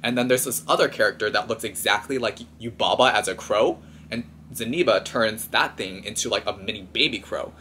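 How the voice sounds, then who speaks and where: A man chatting casually as a vlogger, recapping a film in an animated, filler-heavy way. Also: fairly low pitch, brisk, slight background noise.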